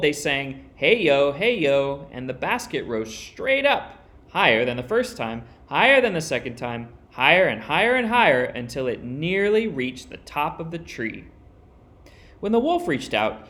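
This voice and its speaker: A man reading a children's picture book aloud as storyteller, expressive and with dramatic pauses. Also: fairly high pitch.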